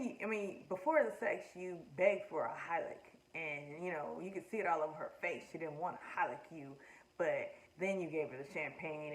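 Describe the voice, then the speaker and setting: A woman's voice: low voice, slight background noise. A woman talking casually and with strong opinions as she reviews a show, speaking straight to her viewers. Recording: echoey room, distant mic, faint ambience.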